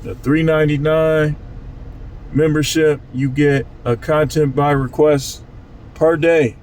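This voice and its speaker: A man's voice: fairly high pitch, fairly even intonation, takes it slowly, a little mellow, a little hiss or hum, poor audio. A man talking casually to his channel in a loose, repetitive street-talk way. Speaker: channel host. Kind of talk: casual monologue vlog.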